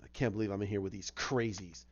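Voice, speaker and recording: A man's voice: fairly low pitch, steady tone, fast, no echo, highs cut off, pitched below the performer's own voice, natural voice. A man voicing a smug, grumbling male crime boss who scoffs as he talks. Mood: scornful.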